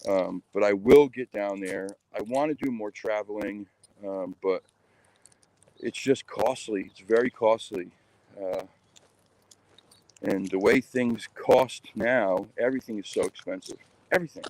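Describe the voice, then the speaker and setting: A man's voice: fairly low pitch, a little slow, a little mellow, rough recording. A man chatting casually to his viewers in a rambling, hesitant way, full of fillers. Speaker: cryptid vlogger.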